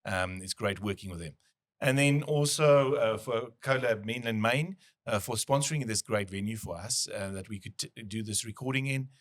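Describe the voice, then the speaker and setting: Brief: male podcast host, low voice, easygoing, restarts his sentences a lot. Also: normal speed. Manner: relaxed, restarts often, thinks aloud. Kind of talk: casual business chat.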